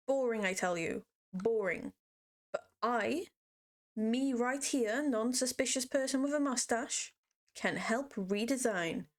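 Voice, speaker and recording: A young woman narrating a game building tutorial in a playful, rambling way, full of self-mocking asides. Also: on the high side. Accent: puts on a mock accent at times. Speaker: Minecraft build tutorial creator. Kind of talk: casual screen-recorded game tutorial.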